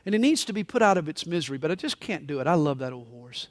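Old farmer put on by a male preacher in a joke, soft, pleading, lower than the preacher's own voice. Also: big pitch swings, fast talker, no echo, clean studio sound. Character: old male farmer, sad about his horse.

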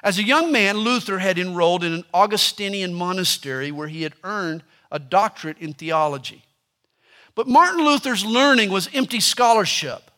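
A man's voice: high voice, animated, moderate pace, bright, forceful tone. A man preaching a sermon, emphatic and repeating scripture lines with building force.

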